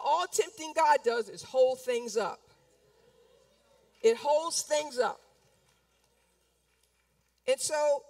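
A woman's voice: sits high, gravelly, no room sound. A woman pastor preaching a sermon, emphatic and repetitive, sometimes acting out complaints in quoted voices. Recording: speaking from a distance from the mic.

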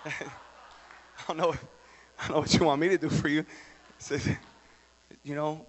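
A male preacher delivering a sermon, moving from quiet storytelling to shouted exhortation. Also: on the high side, flat delivery, normal speed, pauses often, big-room sound, slight background noise. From Texas.

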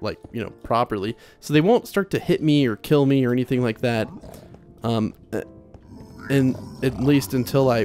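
A young man hosting a video game let's play, chatting casually and yelping with repeated words when things go wrong. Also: mid-range voice. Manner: animated, yelps and repeats himself when panicked. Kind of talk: excitable gameplay commentary. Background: soft game music.

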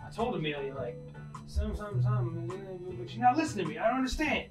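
A man in a casual songwriting session, giving directions and pitching lyric ideas in an upbeat manner. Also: expressive, fast. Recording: guitar music playing behind.

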